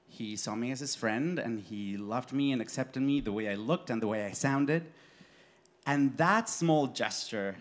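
A man performing autobiographical cabaret storytelling on a live stage, animated and laughing through his lines. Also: medium pitch.

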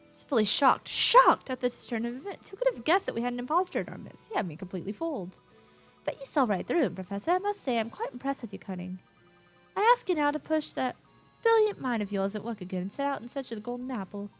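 A woman's voice: fairly high pitch, very animated, fast talker, faint music behind, voice pushed up. Woman voicing a refined, weary noble lady. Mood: shocked. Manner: refined, formal, a little theatrical. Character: elegant, weary noble lady of a village manor. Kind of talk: reading game dialogue aloud.

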